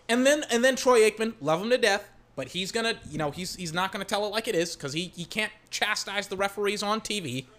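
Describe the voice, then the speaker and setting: A football fan calls a game live and rants at the officials, cursing often. The voice is bright and sharp, and the delivery jumps between quick play-by-play and loud, heated yelling. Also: medium pitch. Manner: profane, ranting, yelling at referees. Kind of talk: live game reaction commentary.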